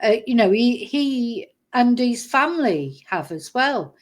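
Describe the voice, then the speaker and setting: A woman's voice: a little high, expressive, takes it slowly. A woman giving casual reaction commentary on clips, blunt and indignant, chatting with frequent restarts. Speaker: commentary vlogger.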